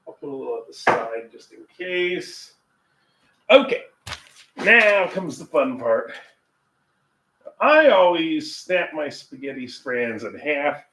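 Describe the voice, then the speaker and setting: An American man, a cooking vlogger who also teaches English, chats casually on a livestream while cooking in his home kitchen, rambling through asides and chuckling to himself. His voice is fairly high, bright and forceful. The mic sits at a distance, and the kitchen sounds echoey with faint ambient noise.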